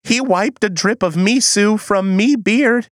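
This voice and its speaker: A woman's voice: medium pitch, measured pace, no room sound, clean studio sound. A woman acting in a comedy sketch, whiny and melodramatic, with folksy old-timey phrasing.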